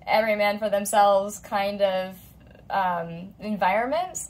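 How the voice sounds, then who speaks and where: Chatty, expressive woman vlogger. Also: medium pitch, measured pace, poor audio. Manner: chatty and expressive, voicing quoted friends. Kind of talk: casual chat to camera.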